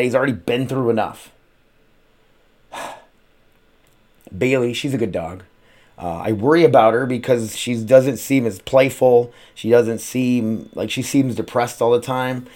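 A man's voice: medium pitch, darkish tone. Rambling, cursing podcast host man. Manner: rambling, profane, frequent "uh" fillers. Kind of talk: casual solo podcast chat. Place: at home.

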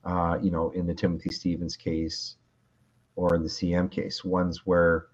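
A Canadian lawyer, a man, calmly explaining legal reasoning in a casual interview, with frequent restarts. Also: deep voice, lo-fi sound. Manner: measured, calm, explains with restarts. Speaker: lawyer guest.

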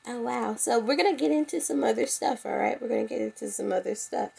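A woman's voice: on the high side, fast, gravelly, darkish tone, a little hiss or hum. A young woman with a congested, stuffy-nosed voice, hosting a casual solo podcast and talking to her listeners. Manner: chatty, addresses listeners as "y'all". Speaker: podcast host. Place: at home.

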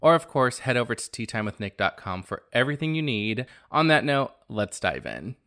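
A man hosting his own podcast, talking in a casual, animated and gossipy way, often exclaiming. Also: mid-range voice, brisk. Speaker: podcast host.

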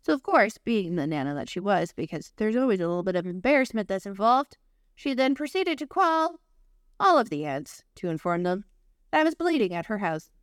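A young woman co-hosting a podcast, telling a story in casual chat, animated and swearing freely while acting out voices. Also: medium pitch, brisk, smooth, no room sound, clean studio sound. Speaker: podcast co-host.

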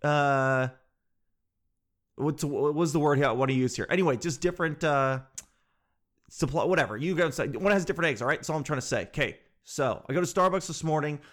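A man telling a comic story in an animated, exasperated, sarcastic way. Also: a little high, brisk.

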